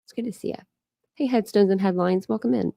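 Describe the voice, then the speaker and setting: Hosting a casual live stream commentary channel, this Ohio woman, her accent shaped partly by Philadelphia family, rambles with lots of fillers and frequent laughter as she talks with viewers. Her mid-range voice is fast, gravelly and warm. The sound is clean studio audio with no room sound.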